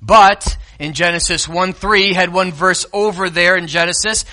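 A male pastor delivering a sermon with a bright, forceful voice pitched a little high. He swings from ringing, emphatic lines to soft, hushed asides. He talks straight to his congregation. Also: fairly even intonation, moderate pace, few pauses. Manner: dramatic swings between loud emphatic declarations and quiet, hushed asides; speaks directly to the congregation, calling to the kids and the lights operator.

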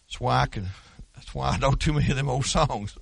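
An older man from Oklahoma preaching a sermon, wandering into folksy asides and building to loud shouted stretches. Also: medium pitch, fairly quick, creaky, breathy edge, no room sound.

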